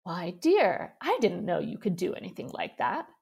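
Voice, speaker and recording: A woman's voice: lowish voice, huge pitch swings, moderate pace, gravelly, a little mellow, breathy edge, heavily acted. A woman reading aloud, voicing a sweet, gushing older society lady in a short story with a lifted, effusive tone.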